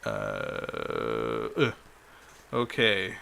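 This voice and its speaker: Guy dming a tabletop game, gravelly bright voice, lots of uhs, faint hiss behind. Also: extremely low pitch, huge pitch swings. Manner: halting, fills pauses with "uh", laughs along. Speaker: dungeon master. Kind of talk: running a tabletop game online.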